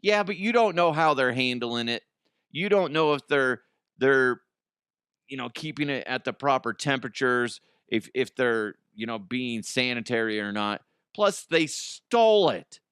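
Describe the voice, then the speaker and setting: A man's voice: medium pitch, expressive, a little slow, a bit bright, clean tone, dry recording, studio quality. A man hosting a comedy news show, reacting with swearing and laughter. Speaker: host.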